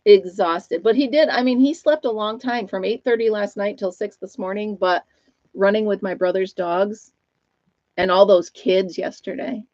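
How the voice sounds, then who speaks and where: A woman's voice: mid-range voice, moderate pace, darkish tone, dry recording, highs cut off. A middle-aged woman with an Upstate New York accent, hosting a casual live chat, laughing often and talking to her dog and viewers. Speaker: livestream host.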